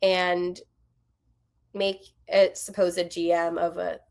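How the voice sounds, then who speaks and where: A woman in her twenties hosting a hockey podcast, giving candid, animated opinions with quick asides. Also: on the low side, gravelly. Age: 20s. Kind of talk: casual opinionated commentary.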